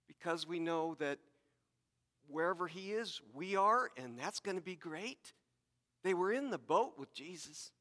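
A man's voice: sits high, sharp tone, long reverb tail. A man preaching a sermon to his congregation, talking conversationally with repeated words and asides. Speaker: pastor.

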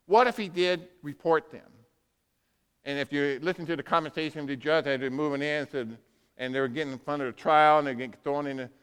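A male pastor preaching a sermon, moving between quiet asides and loud, emphatic bursts. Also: on the high side, smooth. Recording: long hall reverb.

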